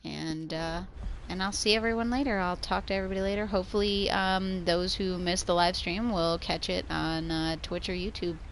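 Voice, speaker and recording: A woman's voice: on the low side, fairly even intonation, normal speed, a little hiss or hum. A woman chatting casually on a gaming livestream, rambling, swearing freely and laughing often.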